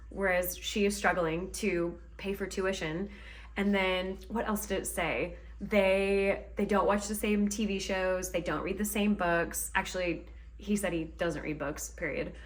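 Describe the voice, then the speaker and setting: Chatty woman vlogging quietly outdoors. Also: mid-range voice. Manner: chatty, talking more quietly than usual. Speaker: book vlogger. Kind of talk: casual reading vlog chat.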